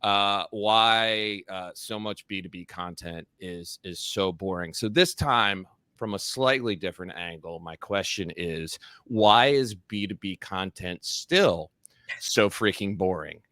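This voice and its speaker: A man's voice: deep voice, slow pace, sharp tone, no echo. A man hosting a marketing podcast, chatting casually with playful, joking asides. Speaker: podcast host. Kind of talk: casual interview chat.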